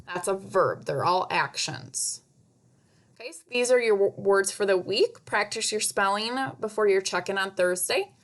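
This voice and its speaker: A woman teacher giving a recorded spelling lesson to young children, repeating each word slowly and patiently. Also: medium pitch. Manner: slow, patient, over-enunciated word drills.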